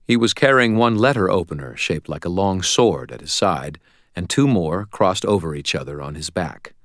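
A man's voice: low voice, animated, moderate pace, no room sound. A man reading a first-person audiobook narration in a wry, dry storytelling manner.

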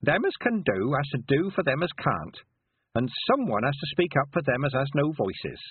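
A stern old countryside witch, as a man puts her on, speaks in a calm, menacing rural dialect. Her voice sits well above the reader's own and comes through thin and tinny, like a phone line, with no room sound at all. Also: on the high side, normal speed, husky, dry recording, voice pushed up, full character voice. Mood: musing.

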